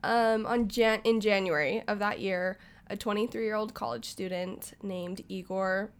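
A woman's voice: mid-range voice, fairly even intonation, a little slow, clean tone. A woman hosting a podcast. She tells a mystery story in a casual, enthusiastic way and laughs often. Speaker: podcast host.

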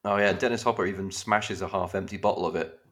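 A man's voice: low voice, steady tone, fast, a bit bright. A man co-hosting a casual podcast, chatty and given to casual swearing as he retells scenes. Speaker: podcast co-host. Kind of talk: casual chat.

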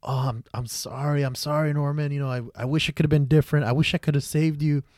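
A man's voice: a little high, steady tone, fast, a little mellow, dry recording, studio quality, voice pushed up, natural voice. A man retelling a comic scene, putting on a remorseful young male superhero apologizing to his dying enemy.

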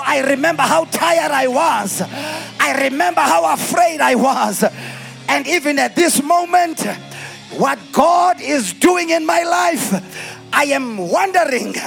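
A man with a South African accent, a pastor preaching a sermon in a sing-song chant that rises into shouts. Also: very high voice, gravelly.

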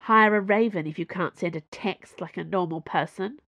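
Woman voicing a scornful businesswoman, sharp, mocking, audiobook, dry close sound. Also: lowish voice, moderate pace, dry recording, highs cut off. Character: sharp-tongued woman workshop owner, scornful.

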